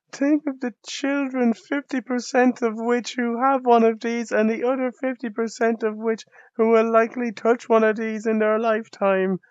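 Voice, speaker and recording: A man's voice: very high-pitched, darkish tone, dry recording, pitched above the performer's own voice. A man voicing a shrieking, prudish middle-aged woman who is scandalized, drawn out and panicked. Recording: dull lo-fi dry recording.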